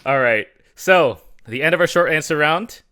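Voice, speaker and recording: Man quizmaster, bright and sharp tone, bouncy intonation, teasing. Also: fairly high pitch, animated, normal speed, clear, resonant tone. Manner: playful, teasing. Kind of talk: casual podcast quiz hosting.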